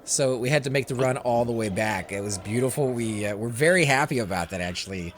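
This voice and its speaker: A man's voice: medium pitch, fairly quick, a little hiss or hum. A man hosting a gameplay session, chatting casually with friends and thinking aloud as he plays. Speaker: gameplay host. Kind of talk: casual voice chat while playing.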